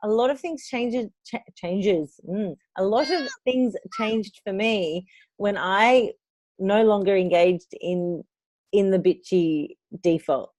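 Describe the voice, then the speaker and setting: A woman's voice: medium pitch, slow, a little mellow, dry recording. A woman in her thirties co-hosting a podcast, talking in an enthusiastic, effusive casual chat. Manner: enthusiastic, effusive, restarts words. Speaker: podcast co-host.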